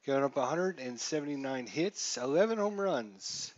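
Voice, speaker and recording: A man streaming a baseball simulation, chatting and calling the plays, reeling off stats and getting louder on big hits. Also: mid-range voice, lively intonation, moderate pace, lo-fi sound. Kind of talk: casual play-by-play commentary.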